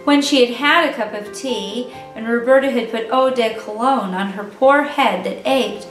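Lady reading a kids' book aloud, higher voice, soft music under. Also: moderate pace. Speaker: storyteller. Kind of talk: children's read-aloud narration. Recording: echoey room, distant mic, faint music.

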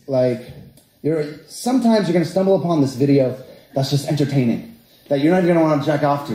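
A young male comedian working a stand-up set in an echoey club, his voice pitched a touch high and bouncing all over the place. He tells crude stories with big animation and keeps tossing asides at the audience. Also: dark tone.

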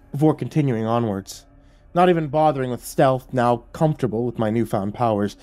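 A man reading a horror story aloud in a measured, dramatic storytelling voice. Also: medium pitch, darkish tone. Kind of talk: scripted horror narration. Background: faint music.

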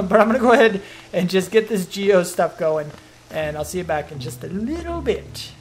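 A man's voice: high voice, animated, fairly quick, a little hiss or hum. Chatty man streaming a game. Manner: chatty, self-talking, easily surprised. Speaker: gaming streamer. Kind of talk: let's play commentary.

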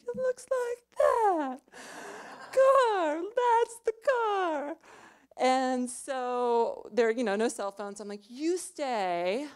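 A young woman telling a true story on stage in a small club, chatty and self-mocking, full of "like" and "you know.". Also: medium pitch.

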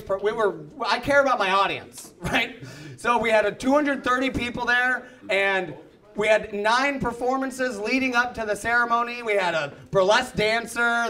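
High, bright-voiced stand-up comic, self-mocking. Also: male voice. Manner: punchy, self-mocking storytelling with shouted punchlines. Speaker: stand-up comedian. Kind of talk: stand-up comedy set. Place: comedy club with a live audience. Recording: live club recording with crowd. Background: audience laughter.

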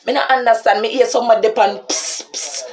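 A fast-talking woman with a fairly high voice and a Jamaican accent narrates a story on her vlog. She's full of energy and keeps turning to her viewers with "people."

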